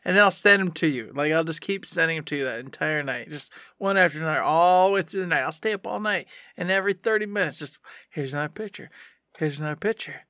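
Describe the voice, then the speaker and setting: A man co-hosting a podcast, chatting casually and telling an excited, rambling story. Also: fairly high pitch, fast talker, hardly any pauses, no room sound, clean studio sound. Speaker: podcast co-host. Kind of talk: casual chat.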